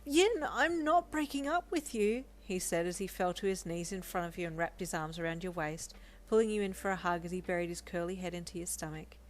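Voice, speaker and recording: A woman reading fan fiction aloud, narrating a second-person story in a soft, calm way. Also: fairly low pitch, fast, few pauses.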